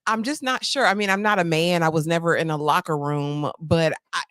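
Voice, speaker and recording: A woman co-hosting a casual TV review chat, speaking in a measured, reflective way with sighs between thoughts. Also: sits low, a bit bright, no room sound, studio quality. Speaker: co-host reviewing a TV series.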